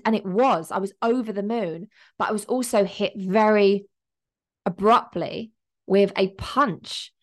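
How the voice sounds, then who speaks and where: A woman's voice: medium pitch, unhurried. A woman, hosting a solo podcast as a business coach and talking in an emotional, upbeat, motivational way.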